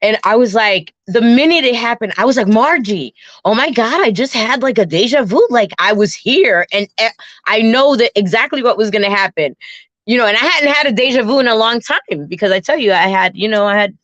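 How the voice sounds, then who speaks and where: A woman casually telling a personal travel story, animated, often restarting and acting out her own and her friend's words. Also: fairly high pitch, fairly quick, no room sound. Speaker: guest storyteller. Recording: dull, dry lo-fi sound.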